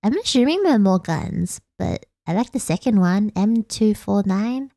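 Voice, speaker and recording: A woman's voice: medium pitch, animated, moderate pace, mellow, no echo, clean studio sound. An Australian woman streamer chatting casually late at night, giggling often and rambling in a self-deprecating way.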